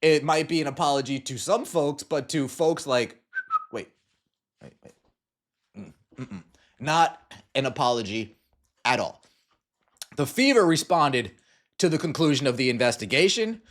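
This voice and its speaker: Man, podcast host, high voice, sarcastic sports rant, scornful. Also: animated, a little slow, pauses often, a bit bright. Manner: sarcastic and scornful, mocking quotes in put-on voices. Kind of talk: ranting sports commentary.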